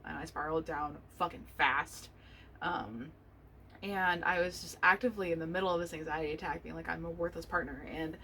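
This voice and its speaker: A young woman with a slightly low voice speaks candidly in a casual solo podcast, swearing often and trailing off to restart her thoughts. A faint hiss of background noise sits under her voice. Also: a bit bright, rough recording. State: choked up, tearful. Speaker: podcast host. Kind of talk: personal solo podcast talk.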